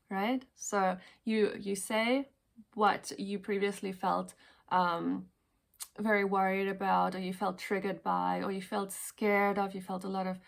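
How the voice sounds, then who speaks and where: A woman talking casually and gently to camera about self-help habits, chatty and full of fillers and repetitions. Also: medium pitch, flat delivery, unhurried, vocal fry. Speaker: wellness vlogger. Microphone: headphones on.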